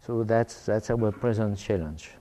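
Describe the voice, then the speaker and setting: A dark-toned voice on the low side comes from an older French man lecturing academically in English. He frequently restarts and fills pauses, making his speech halting.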